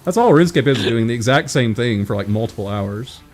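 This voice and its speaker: A man's voice: mid-range voice, lively intonation, a little fast, faint music behind. An American man streaming a coop game, casually chatting and teasing his friend. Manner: teasing, joking. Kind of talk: casual chat while gaming.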